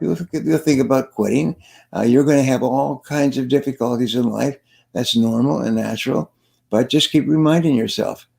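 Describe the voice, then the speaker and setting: Older guy with a gravelly voice, earnest sales coach in an interview, keeps repeating his point. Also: medium pitch, mellow. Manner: earnest, repeats key phrases for emphasis. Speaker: sales trainer and guest speaker. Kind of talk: interview, storytelling advice.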